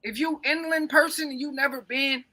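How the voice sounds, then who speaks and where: Profane, rambling man with a bright voice. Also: very high-pitched, fairly even intonation, moderate pace. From coastal United States. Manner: rambling, profane, emphatic street talk. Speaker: podcast co-host. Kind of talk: casual chat.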